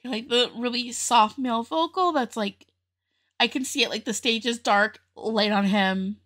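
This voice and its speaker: A woman's voice: a little high, measured pace, fairly bright tone. A young woman hosting a casual music reaction video, chatty and openly emotional, often laughing as she talks.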